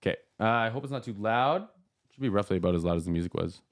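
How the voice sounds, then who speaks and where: A man's voice: fairly low pitch, animated, quick pace. A man hosting a podcast live stream, talking casually, full of fillers and easy laughs. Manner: chatty, laughs easily, many fillers. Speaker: podcast host.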